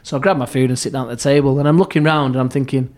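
Racing through his stories, a middle-aged ex-football club therapist recounts anecdotes as a podcast guest in an ordinary-pitched voice. Words come in bursts with many restarts; he voices other people's lines and sinks to almost a murmur at tense moments.

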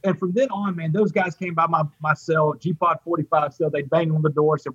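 A man's voice: a little high, moderate pace, husky, no room sound. A man from Texas, telling a personal story as an interview guest and acting out the voices of others. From Port Arthur, Texas. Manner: animated, acts out quoted voices. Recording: dull lo-fi dry audio.

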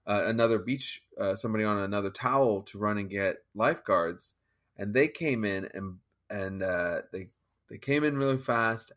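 A man telling a personal story in an interview, halting and restarting as he acts out his own thoughts. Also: lowish voice, fairly bright tone. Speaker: guest musician. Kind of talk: conversational storytelling.

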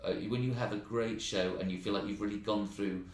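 A man with an English accent, a stand-up comedian telling animated, ranting stories in a casual interview chat. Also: on the low side, a little fast. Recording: roomy, distant mic.

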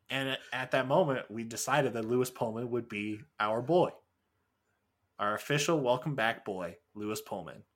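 Un hombre que copresenta un pódcast en una charla informal; divaga, se ríe y suelta palabrotas. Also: male voice, medium pitch, fairly bright tone. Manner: rambling, laughing, swears freely. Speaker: podcast co-host. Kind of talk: casual chat.

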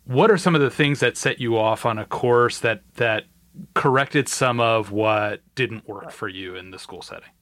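A man's voice: medium pitch, normal speed, fairly bright tone, no room sound. Male interviewer with a dry close sound. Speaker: interviewer host. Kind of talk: conversational interview.

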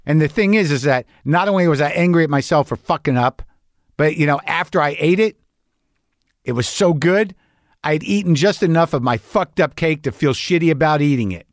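A podcast host with a slightly high voice talks a little fast in a studio-quality recording with no room sound. He tells a comic story as a profane, self-deprecating rant in the style of a comic monologue.

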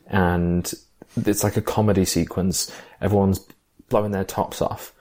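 Low-voiced man talking films. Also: flat delivery, measured pace, mellow. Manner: enthusiastic, reflective, with fillers. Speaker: film podcast co-host. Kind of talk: casual film discussion.

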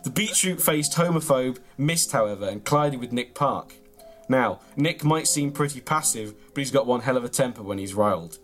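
A man reads a ridiculous memoir aloud with a straight face and mock-earnest pacing, his pitch sitting in an ordinary middle range. Faint music plays underneath. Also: moderate pace. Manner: deadpan, mock-earnest storytelling. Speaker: comedy podcast host reading his own mock memoir. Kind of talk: deadpan comic reading of a story, then casual chat.

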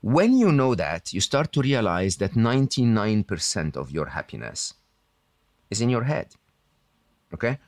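A lowish, very animated male voice explains ideas at a measured pace to a podcast interviewer, sounding sure of himself and teacherly. He keeps dropping in "hmm?" or "okay?" to make sure he's followed, and the studio-quality audio has no room sound.

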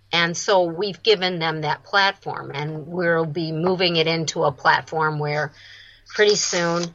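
A woman's voice: on the low side, sharp tone, lo-fi sound. A woman from the United States, a film festival founder, talking eagerly as an interview guest.

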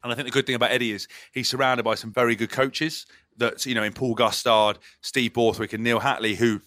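A fast, blunt man chatting casually as a guest, cracking jokes and slipping into mimicry of others. His speech rushes along, and it sounds close and dry, with little room around it. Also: medium pitch, fairly even intonation, bright, forceful tone, dry recording. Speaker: interview guest, rugby player. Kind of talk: casual chat.

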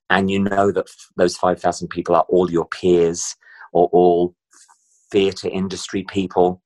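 Very deep-voiced man, chatty. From Britain. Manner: chatty, animated storyteller. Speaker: guest performer. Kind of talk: casual interview chat.

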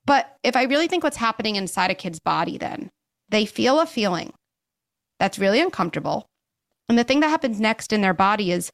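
A woman's voice: a little high, sing-song, fairly quick, fairly bright tone. A woman child psychologist speaking emphatically as a podcast guest, acting out little bits of parents and kids as she explains. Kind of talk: podcast interview.

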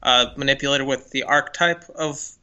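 A man's voice: mid-range voice, steady tone, sharp tone, clean tone, dull audio. A man co-hosting a podcast, analyzing a character in casual talk, stumbling over his openings before making his point. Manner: stammering restarts, measured analysis. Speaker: podcast co-host. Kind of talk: casual film discussion.

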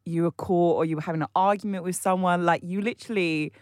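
Expressive woman acting out quotes. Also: on the low side, fast talker, dry recording, clean studio sound. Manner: expressive, acts out quotes of other people. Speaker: podcast co-host. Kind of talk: casual panel discussion.

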